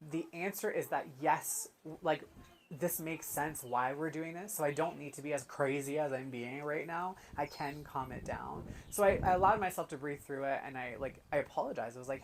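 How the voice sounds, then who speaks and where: A woman guide chatting casually, telling animated stories and acting out what people say. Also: low voice, moderate pace, slight background noise. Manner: animated storytelling, acts out quotes. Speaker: human design guide. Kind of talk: casual chat.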